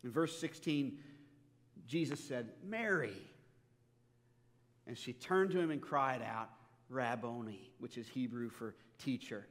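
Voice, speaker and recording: A man's voice: medium pitch, normal speed. Man preaching in a reverberant hall. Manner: conversational, animated storytelling with humor. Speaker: pastor. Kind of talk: sermon. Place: church sanctuary.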